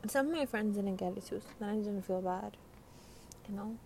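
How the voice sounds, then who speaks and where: A woman's voice: medium pitch, brisk, vocal fry, mellow, slight background noise. Rambling slangy young woman, congested. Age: teens. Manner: rambling, slangy, swearing, giggly. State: congested from a cold. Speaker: podcast host. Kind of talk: casual late-night monologue. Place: by a window at night.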